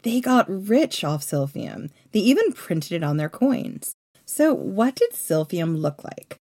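A woman's voice: mid-range voice, sing-song, slow pace, darkish tone. A woman co-hosting a podcast, telling history in a conversational way with jokey asides. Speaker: podcast co-host. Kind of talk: casual history storytelling.

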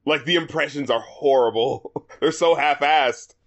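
A man's voice: fairly high pitch, measured pace, highs cut off. A man co-hosting a casual album review podcast, laughing often and mocking the lyrics he quotes. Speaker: podcast co-host.

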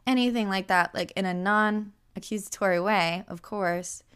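A young woman hosting a podcast, telling a story in a casual, animated way with lots of "like" and incredulous asides. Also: medium pitch, moderate pace, clean tone. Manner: animated, incredulous, heavy use of "like". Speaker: podcast host.

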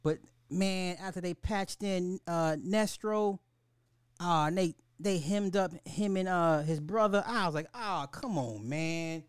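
A man hosting a casual podcast, ranting in an animated, profane, excitable way. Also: sits high, a little slow, smooth, dry recording, studio quality. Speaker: podcast host.

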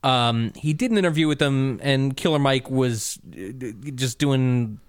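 A man co-hosting a casual comedy podcast, animated, laughing easily and swearing. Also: mid-range voice, a little slow, smooth, no echo, studio quality. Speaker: podcast co-host.

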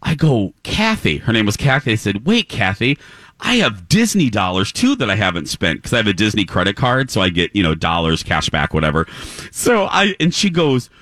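A man's voice: lowish voice, normal speed, dry recording, clean studio sound. A man hosting a morning radio show, telling a long story casually and acting out the voices of the people in it. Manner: animated, acts out voices in anecdotes. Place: live remote broadcast at a clinic.

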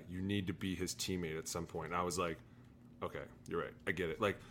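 Animated, bright-voiced ex-player telling stories. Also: male voice, low-pitched, slight background noise. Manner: animated storyteller, shouts out quoted lines. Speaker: podcast co-host, former NFL player. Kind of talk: casual storytelling chat.

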